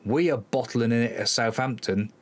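A mid-range male voice at a moderate pace. This Cornish host from England plays a football management game, commenting live on the match with exasperated sighs while talking to his players.

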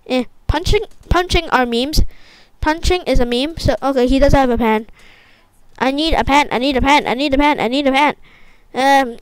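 A young woman commentating her own gameplay, excitable and repetitive, often exclaiming. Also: high voice, dry recording, poor audio. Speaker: gaming YouTuber.

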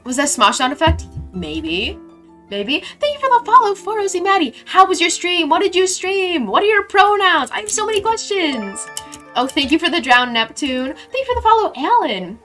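A young woman streaming a game, chatting casually and reading her chat aloud with sudden excited squeals. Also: very high-pitched, normal speed, soft background music.

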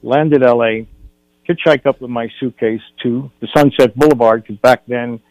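A man's voice: medium pitch, steady tone, moderate pace, a little mellow, no echo, lo-fi sound. An older man, a guest film director, telling a story on a radio talk show and acting out the dialogue.

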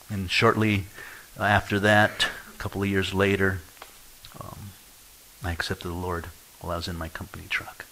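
A man's voice: lowish voice, fairly bright tone, poor audio. A middle-aged pastor preaching a sermon in a church, telling his own story and acting out the voices of people he quotes. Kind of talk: sermon with personal testimony.

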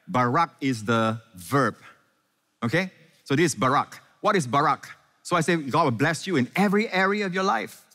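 A man preaching a sermon to a congregation, often quizzing them with quick questions. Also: on the high side, animated, pushed and bright. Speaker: pastor. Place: large church hall before a congregation. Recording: echoey hall.

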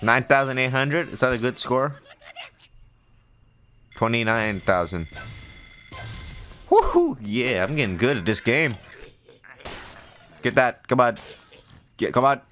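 A man giving excitable let's-play commentary, talking to himself and shouting at the game. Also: medium pitch, a little slow, pauses often, slight background noise. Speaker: gamer.

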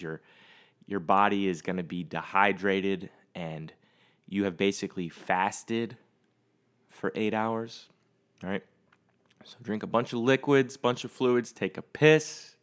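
A man's voice: sits low, a bit bright, clear, resonant tone. A man hosting his own podcast, chatting alone in a loose, rambling way with plenty of swearing. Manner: rambling, profane, easygoing. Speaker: podcast host. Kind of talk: casual solo chat.

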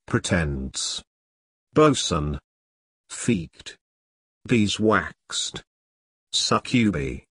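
A man reading single vocabulary words one at a time, slow and deliberate, for pronunciation practice. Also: lowish voice, a bit bright, breathy edge, no room sound. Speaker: vocabulary reader.

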